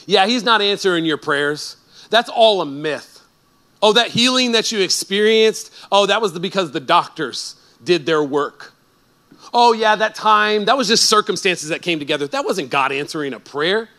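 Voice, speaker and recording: A man's voice: high voice, animated, normal speed, bright, forceful tone. A man doing the devil, sly and dismissive. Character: the devil, a sly male tempter sowing doubt.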